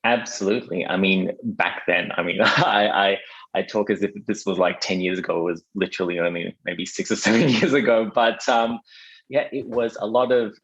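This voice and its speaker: A man with a low, gravelly voice answers interview questions easily, laughing often and dotting his speech with fillers. His voice comes through a muffled, lo-fi recording. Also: fairly even intonation, normal speed, a bit bright. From Australia. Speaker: podcast guest, marketing agency founder.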